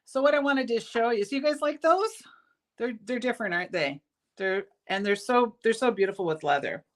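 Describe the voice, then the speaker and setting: A woman's voice: fairly high pitch, fairly quick. Chatty woman hosting a bead show. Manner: chatty, rambling, with frequent ums and restarts; enthusiastic about the beads. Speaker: bead shop owner hosting a live show. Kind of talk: casual live-stream product demo. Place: jewelry shop studio, indoors.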